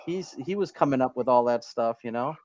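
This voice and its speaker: Casting: joking man, mid pitch, muffled dry mic sound. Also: expressive, a little fast, darkish tone, no room sound. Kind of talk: casual livestream chat.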